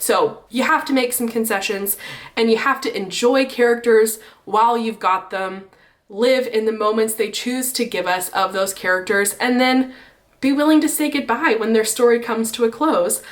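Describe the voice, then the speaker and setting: A woman giving chatty, opinionated commentary in a casual vlog, her pitch swinging up when she makes a point. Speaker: book and TV vlogger.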